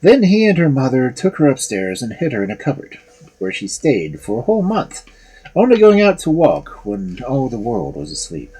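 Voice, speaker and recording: Expressive husky fairy tale storyteller. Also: mid-range voice, normal speed, rough recording. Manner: expressive, dramatic.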